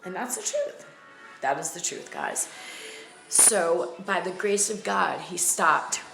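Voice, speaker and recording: A woman's voice: fairly low pitch, lively intonation, slow, vocal fry. A woman from the Bronx, telling her own story to her viewers bluntly and emphatically, repeating phrases for weight. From the Bronx, New York. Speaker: vlogger. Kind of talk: candid personal storytelling to camera. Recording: echoey room with faint music.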